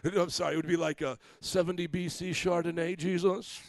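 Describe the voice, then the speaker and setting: A man voicing a snooty male wine connoisseur, speaking in an affected, drawn-out tasting voice. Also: high voice, fairly even intonation, no echo, voice pushed down.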